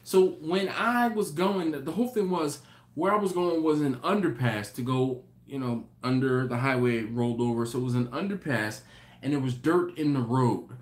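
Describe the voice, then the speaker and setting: A man hosting a live stream, telling a story in an animated, rambling way with many restarts. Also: medium pitch, normal speed. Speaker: host. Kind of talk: casual live-stream chat.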